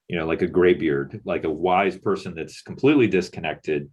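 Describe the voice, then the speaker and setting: A man's voice: low voice, moderate pace, few pauses, a little mellow, husky. A middle-aged man from Texas presenting in a panel discussion over a video call, musing aloud with lots of fillers. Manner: musing, loose with many fillers.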